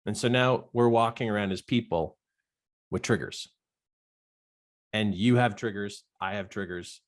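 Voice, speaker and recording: A middle-aged man, a life coach, telling a personal story in a coaching talk and acting out the dialogue with big jumps in his voice. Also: a little slow. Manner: animated storyteller, acts out quoted dialogue with big pitch jumps.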